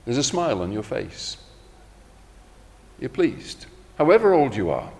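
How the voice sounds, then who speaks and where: A middle-aged man preaching a sermon in a measured, reflective way, slowing down when he quotes scripture. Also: medium pitch, sing-song, creaky, a little mellow, in a large hall.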